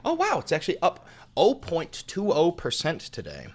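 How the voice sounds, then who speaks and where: A man's voice: fairly high pitch, huge pitch swings, normal speed. A young man hosting a livestream, ranting with heated, profane political commentary. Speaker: livestream host. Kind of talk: live-streamed political commentary.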